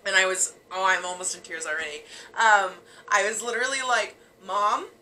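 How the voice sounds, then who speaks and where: A woman's voice: mid-range voice, brisk, slight background noise, poor audio. A young woman casually telling friends about a scary ghost experience, acting out the quotes with lots of fillers. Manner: animated, acts out quotes, many fillers. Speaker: storyteller sharing a ghost experience. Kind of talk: casual storytelling among friends.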